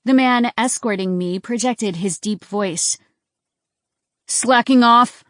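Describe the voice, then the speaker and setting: A woman's voice: medium pitch, a little slow, darkish tone, dry recording, studio quality. A woman giving a tense, dramatic first-person audiobook narration.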